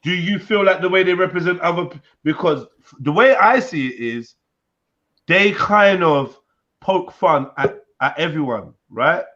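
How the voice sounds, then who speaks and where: A joking man with a lively, bouncing pitch, chatting casually on a live stream. His voice sits a little high for a man. The audio is slightly dull, with a faint hiss underneath. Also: measured pace. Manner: loose and joking, slangy, questioning. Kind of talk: casual group chat.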